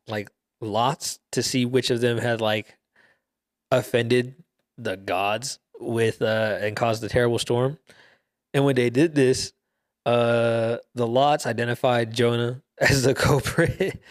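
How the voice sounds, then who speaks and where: A man's voice: mid-range voice, clean tone, no echo, studio quality. A young man hosting a podcast, casually retelling a Bible story in loose slang with laughs and fillers. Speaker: podcast host.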